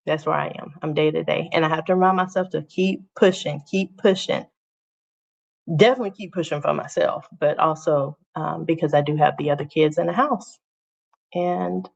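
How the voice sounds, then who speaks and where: A woman's voice: on the low side, creaky. A woman hosting her own livestream from home, chatting casually and directly with her viewers. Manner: chatty, talks straight to viewers as "y'all". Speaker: channel host. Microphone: phone or webcam on a livestream. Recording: dull, lo-fi livestream audio.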